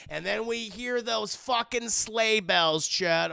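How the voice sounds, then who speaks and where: A man's voice: high voice, slow, creaky, few pauses, sharp tone. A man streaming a casual, crude, joking movie recap to his chat, rambling as he goes.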